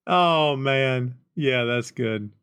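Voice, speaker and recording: A man's voice: mid-range voice, drawn-out words, fairly bright tone, clear, resonant tone, no room sound. A man hosting a podcast, chatting casually and retelling film scenes with laughter. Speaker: podcast host.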